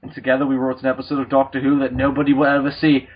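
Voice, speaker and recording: Brief: mock British writer, as a man puts it on, husky and lowered, muffled podcast audio. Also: monotone, lightly acted. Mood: deadpan boasting. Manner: deliberately bad put-on British accent. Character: man's mock impression of a gruff British writer.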